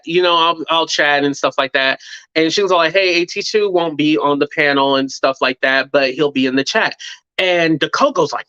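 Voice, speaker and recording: A man's voice: sits high, moderate pace, no echo, lo-fi sound. A man hosting his own commentary channel, talking casually and animatedly to viewers, with profanity and acted-out quotes. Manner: animated, acts out quotes in mocking voices; profane, conversational, says "blah, blah". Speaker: YouTube commentary host.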